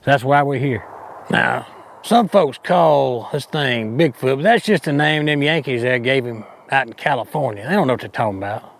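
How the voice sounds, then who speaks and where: A bumbling Alabama Bigfoot hunter. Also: male voice, medium pitch, animated, moderate pace. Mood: boastful. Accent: Alabama Southern. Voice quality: folksy drawl, cocky rambling. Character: bumbling boastful redneck Bigfoot hunter man. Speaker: hunting show host character. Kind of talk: mock outdoor show comedy acting.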